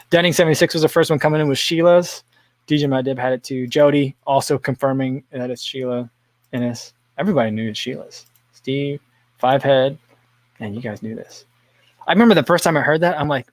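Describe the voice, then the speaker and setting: A man's voice: fairly high pitch, moderate pace, no echo. A man hosting a casual livestream, rambling, chuckling often and reading viewer comments aloud. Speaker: livestream host.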